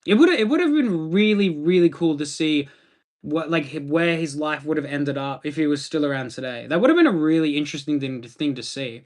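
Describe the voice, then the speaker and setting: A man's voice: fairly high pitch, animated, fairly quick. An Australian man chatting casually on a livestream, laid-back and rambling as he answers viewer comments.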